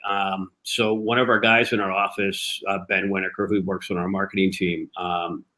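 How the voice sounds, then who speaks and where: A man telling a story in a casual interview, lively, acting out the dialogue he quotes. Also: on the low side, rough recording. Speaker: cigar company guest. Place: live online show.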